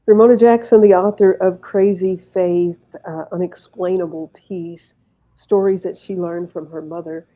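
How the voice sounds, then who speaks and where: Woman interview host, measured questioning, lower voice, muffled recording. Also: fairly even intonation. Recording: muffled, lo-fi sound.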